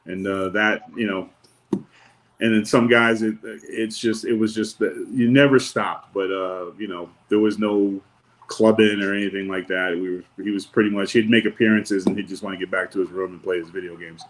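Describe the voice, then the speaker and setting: On a podcast, a wrestler and former bodyguard spins a long anecdote in casual chat, laid-back and wry, acting out what other people said. His voice runs on the low side, steady in tone and moderate in pace. The recording is rough.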